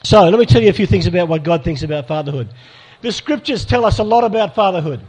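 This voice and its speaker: A man's voice: sits high, expressive, quick pace, a little mellow, husky. Man leading a church workshop. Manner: pastoral and direct, asks audience for hands up. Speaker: speaker at a church conference. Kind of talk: live workshop talk to an audience.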